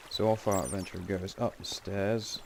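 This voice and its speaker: Low-voiced guy with a gravelly edge, chatting loosely through a game, keeps correcting himself. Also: level tone, normal speed, darkish tone, a little hiss or hum. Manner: rambling, self-correcting, wry asides. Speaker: game channel host. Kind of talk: casual gameplay commentary.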